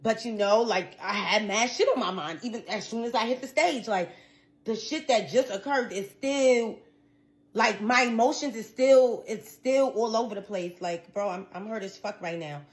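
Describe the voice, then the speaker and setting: A woman's voice: fairly high pitch, moderate pace. Profane, slangy young woman venting. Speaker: singer telling a story. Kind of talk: casual storytime vlog.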